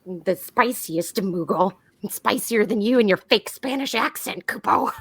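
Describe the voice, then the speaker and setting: A woman's voice: medium pitch, measured pace, breathy edge. A woman voicing a feisty, spicy winged Moogle in a tabletop role-play, tacking a verbal tic onto her lines. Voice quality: bright, ends sentences with a verbal tic.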